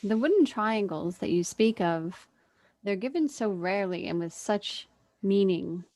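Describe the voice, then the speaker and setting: A woman's voice: mid-range voice, expressive, measured pace, a little mellow, dry recording. A woman playing a tabletop role-playing game, speaking earnestly as her character. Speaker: player.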